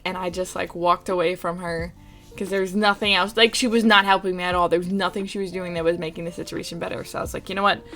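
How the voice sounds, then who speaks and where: A young adult woman vlogger telling a casual story in an animated way, with frequent swearing. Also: fairly low pitch, creaky. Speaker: vlogger and streamer.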